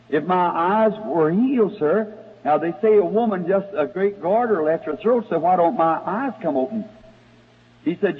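Folksy preacher, tinny old recording. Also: male voice, fairly high pitch, husky. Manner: folksy storytelling preacher, rises to excited shouting. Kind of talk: sermon storytelling. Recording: tinny lo-fi old sermon recording in a reverberant hall.

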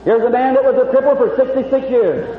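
A man's voice: extremely high pitch, fast talker, very noisy. A man preaching a testimony sermon at a live meeting, telling his story fervently and acting out the dialogue. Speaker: evangelist preacher. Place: large hall at a revival meeting. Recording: lo-fi phone-like archival recording in an echoey hall.

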